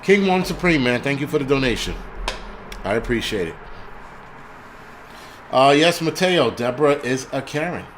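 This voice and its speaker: A man ranting on his own livestream at a middle pitch, swearing freely and restarting sentences as he goes. His delivery is loose and rambling, with a faint hiss of noise under the voice. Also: big pitch swings, moderate pace, pauses often, a bit bright. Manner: profane, rambling, frequent restarts. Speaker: livestream host. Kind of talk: casual livestream rant.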